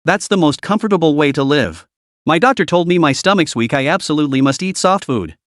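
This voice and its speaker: A man voicing an unflappable, shameless young man in a storybook reading, speaking deadpan. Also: a little high, fairly quick, no room sound, studio quality, lightly acted.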